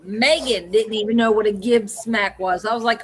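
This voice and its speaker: A middle-aged woman co-hosts a live stream, spinning a casual story. She acts out the lines of the people in it with a lively delivery, in an ordinary mid-range voice. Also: mid-range voice, normal speed, slight background noise. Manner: animated, acts out quoted dialogue. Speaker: co-host of a pet hobby live stream.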